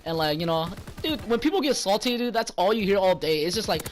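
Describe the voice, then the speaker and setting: A man's voice: sits high, quick pace, few pauses, slight background noise. A young man telling a profane, rambling story about a rude customer at work, getting heated when he quotes himself. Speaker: gaming channel vlogger. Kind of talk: casual storytelling.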